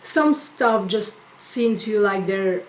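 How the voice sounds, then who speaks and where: A woman's voice: mid-range voice, slow. Profane ranting young woman, echoey room. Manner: profane, exasperated, animated ranting. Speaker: vlogger. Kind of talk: casual storytime rant.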